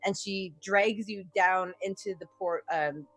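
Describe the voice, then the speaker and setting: A woman's voice: mid-range voice, unhurried, gravelly, fairly bright tone. Woman narrating as game master. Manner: loose, filler-heavy narration.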